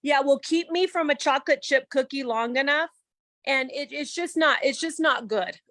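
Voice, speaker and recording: A woman giving a candid, animated personal testimony on a video call, laughing as she goes. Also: high-pitched, moderate pace, no echo. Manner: chatty and animated, with laughs and quoted self-talk.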